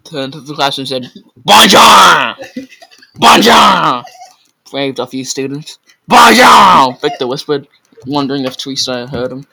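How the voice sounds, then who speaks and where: A man's voice: mid-range voice, level tone, brisk, fairly bright tone, rough recording. A man reading a story aloud in a casual way, often stumbling over words and correcting himself.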